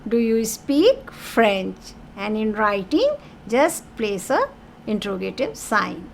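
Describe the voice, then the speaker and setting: A woman's voice: medium pitch, sing-song, slow, gravelly, slight background noise. A woman teaching a French lesson in English, explaining patiently and repeating key words with French phrases mixed in.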